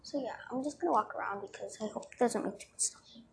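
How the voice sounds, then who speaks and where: A teenage girl vlogs in a casual, rambling way, losing her words and piling up fillers. Her voice sits fairly high and her throat is dry. Faint room ambience hums behind her. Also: fast, creaky, a little hiss or hum, rough recording. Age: teens. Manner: rambling, easily distracted, filler-heavy. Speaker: vlogger. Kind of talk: casual chatty vlog.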